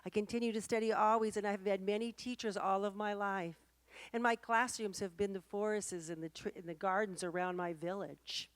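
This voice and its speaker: A woman telling of a calm, wise old village sage. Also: sits high, normal speed, smooth. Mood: serene.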